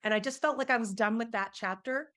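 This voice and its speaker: Middle-aged woman guest, slightly high voice, animated storyteller who voices the quoted people herself. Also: fast. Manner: animated, acts out quoted dialogue. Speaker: interview guest, energy healer. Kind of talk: personal storytelling in conversation.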